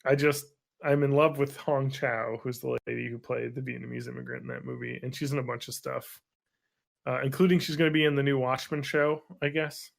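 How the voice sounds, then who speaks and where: A man's voice: medium pitch, flat delivery, fairly quick, creaky. A man in his thirties co-hosting a casual podcast, rambling and full of fillers as he rants. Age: 30s. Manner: rambling, filler-heavy, laughs between thoughts. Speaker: podcast co-host.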